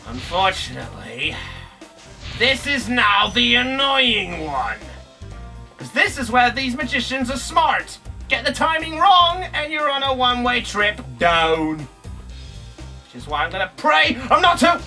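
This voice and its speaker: A young man giving jokey, excitable let's play commentary, yelping and swearing as he plays. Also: high-pitched, a little slow, recorded from a distance. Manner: excitable, jokey, swears, bursts into yelps and shouts. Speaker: gaming YouTuber. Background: game music.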